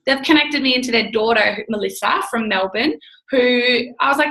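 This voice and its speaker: A woman's voice: fairly high pitch, normal speed, sharp tone, echoey room, poor audio. A woman in her twenties, a guest entrepreneur chatting on a call, bubbly and effusive, acting out the people she quotes. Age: 20s. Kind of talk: casual call chat.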